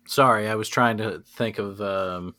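A man's voice: on the low side, fairly even intonation, measured pace, bright, forceful tone, no room sound. A man co-hosting a casual podcast, dropping dry wisecracks and puns. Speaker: podcast co-host. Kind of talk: casual banter with friends.

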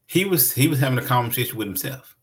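A man's voice: medium pitch, expressive, quick pace. A man preaching a conversational sermon, emphatic and repeating his phrases for weight.

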